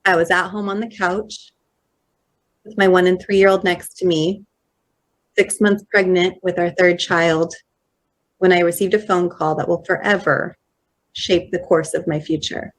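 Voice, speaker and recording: A woman in her thirties giving a personal storytelling talk at a conference, slow and measured, acting out quoted dialogue. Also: on the low side, level tone. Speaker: conference speaker. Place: conference hall.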